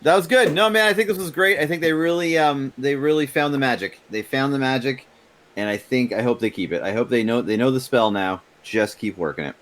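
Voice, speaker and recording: An easygoing man co-hosts a casual movie review podcast at a middle pitch. He mostly answers in short agreeing replies. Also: a little fast, fairly bright tone. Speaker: podcast co-host.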